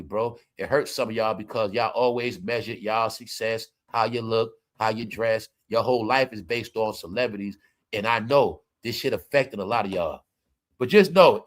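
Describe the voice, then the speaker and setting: A man delivering loud, profane celebrity commentary, scolding his viewers and hammering the same points over and over. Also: mid-range voice. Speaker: commentary vlogger.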